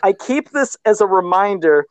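A man's voice: sits high, lively intonation, normal speed, dry recording, poor audio. Chatty man, dry close sound. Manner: laughs often, self-deprecating, chatty. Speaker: guest toy sculptor. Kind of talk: casual livestream chat.

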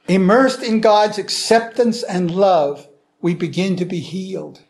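A man's voice: high-pitched, unhurried. A man giving an earnest, prayerful sermon-style teaching, asking rhetorical questions. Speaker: Christian teacher.

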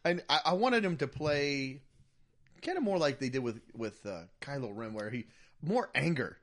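A man co-hosting a podcast in casual chat, animated and mocking, dropping into impressions now and then. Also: medium pitch, normal speed. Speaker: podcast co-host.

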